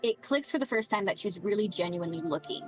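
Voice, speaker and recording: A woman's voice: mid-range voice, animated, fast, faint music behind, low-quality recording. A young woman narrating a tabletop game as game master, chatty and giggly, with lots of fillers.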